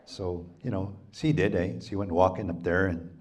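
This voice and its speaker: Deep-voiced man telling a folktale. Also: fairly even intonation. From Canada. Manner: unhurried, halting, many "you know"s. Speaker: storyteller. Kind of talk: oral folktale storytelling. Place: public library talk.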